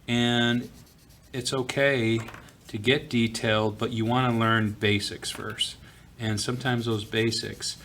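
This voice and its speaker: A man teaching art, talking casually through a drawing tutorial from a school office, pausing with fillers as he works. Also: mid-range voice, slight background noise. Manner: relaxed, talks while drawing, frequent fillers.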